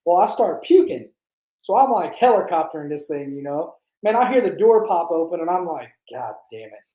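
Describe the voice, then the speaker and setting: A man's voice: high-pitched, lively intonation, a little fast, dark tone. Pitmaster guest, male, casual storyteller, crude and rambling, echoey room sound. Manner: rambling, profane, laughs through stories.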